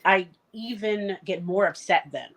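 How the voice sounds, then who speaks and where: A woman's voice: mid-range voice, measured pace, a bit bright. A woman on a podcast speaking bluntly and frankly, with casual swearing. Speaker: podcast co-host.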